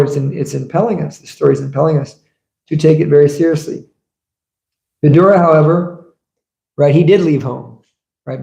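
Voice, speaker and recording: A man teaches scripture as a sermon in an echoey temple hall, weaving in stories and rhetorical questions for the listeners. He speaks at a medium pitch with vocal fry and a mellow quality, though the audio is dull.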